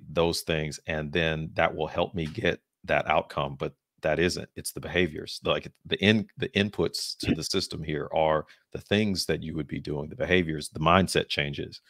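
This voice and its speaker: Very deep-voiced podcast host. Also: male voice, a bit bright, dry recording, clean studio sound. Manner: thinks aloud, explaining ideas in engineering terms; laughs easily, gives short affirmations. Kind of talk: casual conversational interview.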